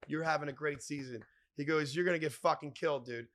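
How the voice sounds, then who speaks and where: A man telling wild stories as a podcast guest, animated and profane, acting out other people's lines. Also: a little high, fast talker. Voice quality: animated, profane, acts out quoted voices. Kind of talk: casual storytelling.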